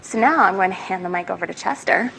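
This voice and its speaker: A woman's voice: mid-range voice, animated, fast, gravelly, fairly bright tone, slight background noise, rough recording. A woman with a Minnesotan accent giving a chatty conference talk, with frequent ums. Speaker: conference panelist. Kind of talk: conference presentation.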